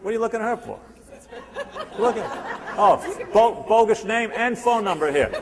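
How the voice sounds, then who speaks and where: A man's voice: sits high, lively intonation, moderate pace, a crowd in the background. A man in his sixties giving a live sales seminar in a punchy, repetitive style, teasing the audience. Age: 60s. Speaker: sales trainer and motivational speaker. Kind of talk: live motivational seminar talk. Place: large hall with a live audience. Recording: long hall reverb.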